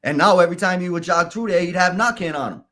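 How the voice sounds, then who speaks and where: A man, a podcast guest, telling his story candidly in a halting, casual way. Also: sits high, sharp tone. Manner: candid, halting, restarts and fillers.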